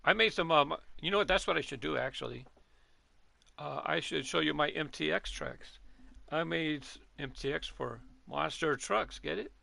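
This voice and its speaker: A man's voice: fairly high pitch, moderate pace, gravelly, pushed and bright, no room sound. A middle-aged man from Southern California, chatting casually and rambling as he comments on his own gameplay. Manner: chatty, rambling, self-correcting. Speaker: gaming channel host.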